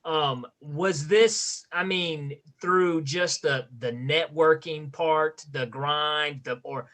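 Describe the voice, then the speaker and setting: A man's voice: a little high, fairly even intonation, slow pace, a bit bright. A man hosting a casual podcast interview, talking hesitantly with many restarts and fillers. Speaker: podcast host.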